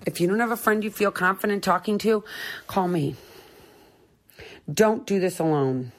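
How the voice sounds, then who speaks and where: A woman's voice: medium pitch, expressive, moderate pace. A middle-aged woman hosting a sobriety talk, speaking in a candid, earnest and encouraging way that repeats its points. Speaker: sobriety podcast host. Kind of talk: candid personal monologue.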